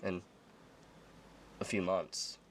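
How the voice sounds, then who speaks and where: A man in a video telling a personal story in a halting, hurt way, repeating himself. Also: deep voice, flat delivery, slight background noise. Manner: halting, hurt, quiet retelling.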